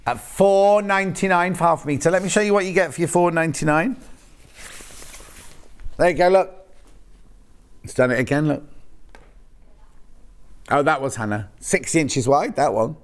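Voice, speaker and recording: A man's voice: a little high, normal speed, pauses often, clean tone. A man presenting live on a shopping channel, chatting and joking in rambling asides while selling fabric in a TV studio.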